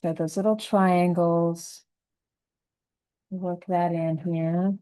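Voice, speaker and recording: Woman painting instructor; warm, low-pitched, relaxed, narrates her brushwork as she goes. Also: rough recording. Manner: gentle, unhurried, thinking aloud while painting. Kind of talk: step-by-step painting lesson.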